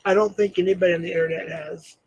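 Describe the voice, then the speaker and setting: A man's voice: sits high, fairly even intonation, fast talker, no room sound, highs cut off. An older man hosting a livestream, talking casually in a rambling, self-deprecating way and laughing often. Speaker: livestream host.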